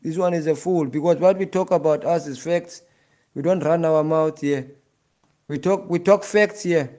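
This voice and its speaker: A man's voice: on the high side, moderate pace, dark tone. A South African man in an impassioned monologue, insistent and repetitive, often calling out to the listener. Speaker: Rasta community member.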